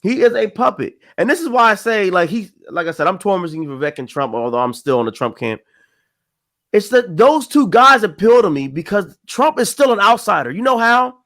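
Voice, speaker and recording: A man's voice: high-pitched, sing-song, fairly quick, a bit bright. A man talking politics in a casual chat, stressing points by repeating them. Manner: emphatic, repeats phrases for stress.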